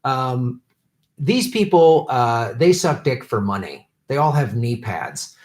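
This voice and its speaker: A man's voice: mid-range voice, sing-song, slow pace. A man hosting a political livestream, ranting angrily and profanely at politicians in an unscripted commentary. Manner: profane, shouting, bitter ranting.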